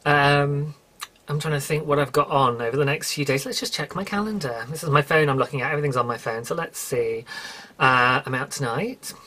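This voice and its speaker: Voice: medium pitch, fairly quick, bright, forceful tone. Rambling British podcast host. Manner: rambling, self-correcting, apologetic, chatty. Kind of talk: casual solo podcast chat.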